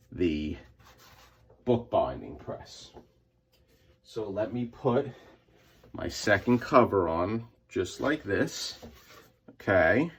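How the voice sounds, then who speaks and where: A man walking viewers through a hands-on comic book restoration in a chatty way, repeating himself as he works. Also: husky. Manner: makes squeaky sound effects in a high voice. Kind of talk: casual hands-on tutorial.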